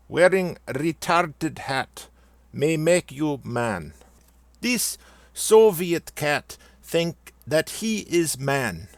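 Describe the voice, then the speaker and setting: A man's voice: on the high side, dry recording, full character voice. A man putting on a mock Russian accent to play a blustering Russian man who scolds in broken grammar. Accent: put-on Russian.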